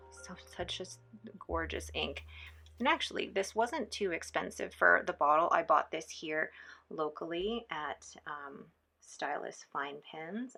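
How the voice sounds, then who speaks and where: A woman's voice: on the low side, creaky, bright, forceful tone. A woman born in the Philippines chatting enthusiastically while swatching fountain pen inks, often dropping to a near whisper. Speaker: stationery vlogger. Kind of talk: casual ink swatching chat.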